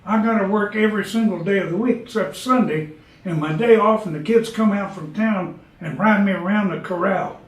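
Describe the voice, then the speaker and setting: A man's voice: high-pitched, normal speed, pitched above the performer's own voice, lightly acted. A man voicing a complaining talking farm horse with a folksy, aggrieved drawl. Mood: griping. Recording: echoey, from far off.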